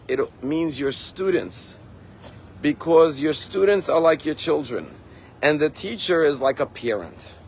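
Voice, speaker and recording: A rabbi giving a sermon, telling a story in an earnest, emphatic way. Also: male voice, fairly high pitch, slight background noise, low-quality recording. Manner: earnest, emphatic, acts out quotes.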